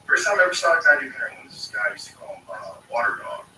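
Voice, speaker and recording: A man's voice: fairly high pitch, sing-song, rapid-fire, pushed and bright, roomy sound, far from the mic, slight background noise, rough recording. A man telling rambling stories in casual, profane talk, with many fillers. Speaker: storyteller. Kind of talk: casual anecdotal storytelling.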